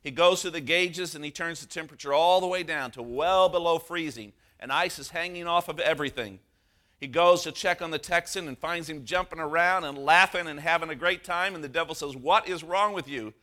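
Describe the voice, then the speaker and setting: A man preaching a sermon as pastor, earnest, slowing down for emphasis. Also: on the high side, bright, forceful tone.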